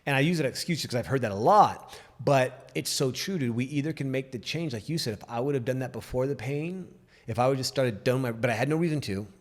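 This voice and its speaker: A man hosting a casual interview, telling stories in an animated way and swearing freely. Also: medium pitch, fast talker, in a large hall. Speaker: podcast host.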